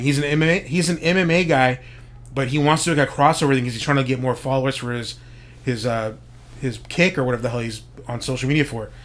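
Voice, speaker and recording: A man's voice: mid-range voice, fast talker, a bit bright. A man giving a casual, profane commentary monologue as a show host, speculating and explaining wrestling slang. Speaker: podcast host.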